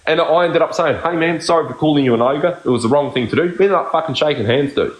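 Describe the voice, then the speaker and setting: A man's voice: fairly high pitch, quick pace, hardly any pauses. Brief: male live streamer, blunt, foul-mouthed, repetitive, echoey room. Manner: blunt, swears constantly, repeats himself. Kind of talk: heated casual chat.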